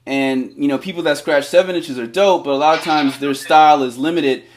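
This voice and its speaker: A man's voice: fairly high pitch, fairly quick, slight background noise. A man teaching DJ scratching over a cellphone video call, eager and encouraging, talking in loose, filler-heavy bursts. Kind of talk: casual one-on-one instruction over a video call.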